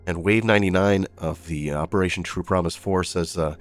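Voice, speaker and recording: Man, very low voice, casual news commentary, mocking asides, soft music behind. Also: a little fast. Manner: reads headlines then adds sarcastic asides.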